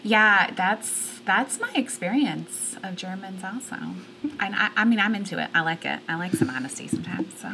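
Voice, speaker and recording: A woman in her thirties talks in a bright, forward voice, and her pitch jumps around a lot as she tells stories. She laughs often and fills her speech with "like" and "um". A faint hiss sits under the recording. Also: normal speed. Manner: animated, laughing storyteller with many fillers. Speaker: guest. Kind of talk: casual chat.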